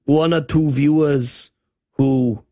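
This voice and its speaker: A man's voice: on the high side, fairly even intonation, slow, mellow, dry recording, clean studio sound. A man co-hosting a comedy podcast who throws in joking asides and mock dialogue. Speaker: podcast co-host. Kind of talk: comedic movie recap chat.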